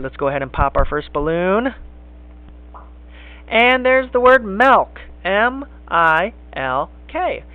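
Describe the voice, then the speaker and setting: Man, kindergarten teacher, high-pitched, sing-song and encouraging, tinny lo-fi recording. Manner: slow, encouraging, sing-song teacher talk to small children. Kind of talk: recorded classroom phonics lesson. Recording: tinny phone-like lo-fi sound.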